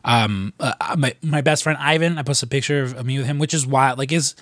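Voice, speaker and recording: A man's voice: mid-range voice, fairly quick, a bit bright, no room sound, clean studio sound. A man co-hosting a podcast, telling stories in a loose, profane way with lots of fillers. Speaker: podcast co-host. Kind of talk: casual chat.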